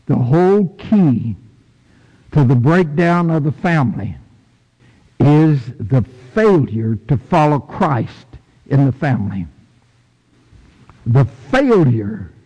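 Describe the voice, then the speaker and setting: A man preaching a sermon in a church, folksy and emphatic, with sudden high bursts for stress. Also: dark tone, breathy edge, dull audio. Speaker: pastor. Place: church sanctuary. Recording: long echo of a big hall.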